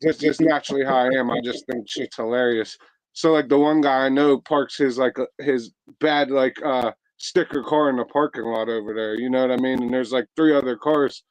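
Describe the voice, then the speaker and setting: A man's voice: mid-range voice, steady tone, a little fast, no room sound, rough recording. A man from Pennsylvania, co-hosting a casual chat and telling a story in a brash, profane, laid-back way. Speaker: podcast co-host.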